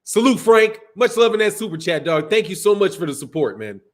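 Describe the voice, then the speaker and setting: A man's voice: high voice, very animated, brisk. A man hosts a casual boxing livestream. He talks loosely and profanely, laughing often. He breaks off to read out super chats. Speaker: boxing channel host.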